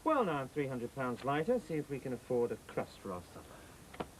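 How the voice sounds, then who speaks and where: A man's voice: medium pitch, very animated, fairly quick, slight background noise, lightly acted, low-quality recording. An actor playing a man, grumbling sardonically about a costly bill. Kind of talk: soap opera acting.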